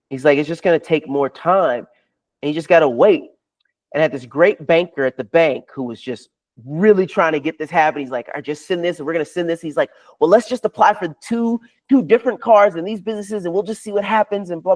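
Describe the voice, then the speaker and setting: A man, a podcast guest, telling a long story with excitement and acting out other people's lines as he goes. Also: on the high side. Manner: swears freely. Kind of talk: animated storytelling.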